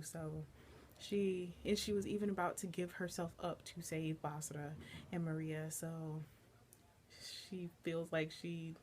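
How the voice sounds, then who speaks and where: A woman with a fairly low voice chats eagerly through an episode recap, full of casual filler words. Her delivery is loose and conversational, like a fan talking to her followers. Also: flat delivery, a little slow, darkish tone, a little hiss or hum. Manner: enthusiastic, chatty, filler-heavy. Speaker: anime reviewer.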